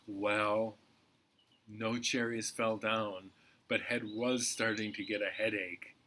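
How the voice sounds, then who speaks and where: A man telling a folktale to children at a library storytime in a playful, expressive way. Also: lowish voice, slow pace.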